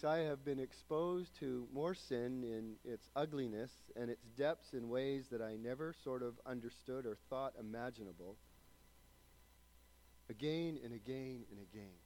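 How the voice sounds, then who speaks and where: A man preaching a sermon, swinging from loud, raised emphasis down to quiet, hushed passages. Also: mid-range voice. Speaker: pastor.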